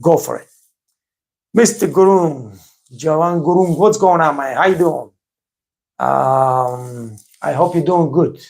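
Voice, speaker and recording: A man from Bulgaria talks bluntly with a Bulgarian accent on a live stream. His voice is gravelly and sits a bit high, and he circles back over his points with lots of fillers. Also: takes it slowly, pauses often, a little mellow. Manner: blunt, repeats himself, many fillers. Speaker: host of a live stream for waiters. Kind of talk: casual live-stream advice talk.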